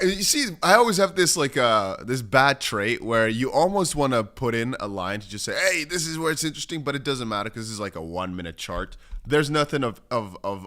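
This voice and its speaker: A man with a medium-pitched, slightly bright voice hosts a laid-back crypto livestream from a home studio in Dubai. He rambles over the charts and reads comments from viewers aloud.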